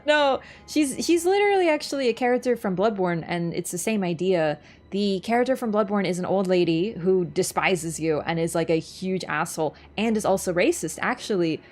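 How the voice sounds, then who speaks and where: A young woman streaming a video game, chatty and casual, swearing and laughing as she talks. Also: medium pitch. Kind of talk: gaming stream commentary.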